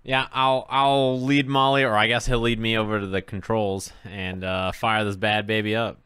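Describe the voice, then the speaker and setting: A laid-back man playing a tabletop game who gives short replies. His voice is low yet bright and crisp. The recording is close and dry. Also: little pitch movement, moderate pace, no echo. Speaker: player.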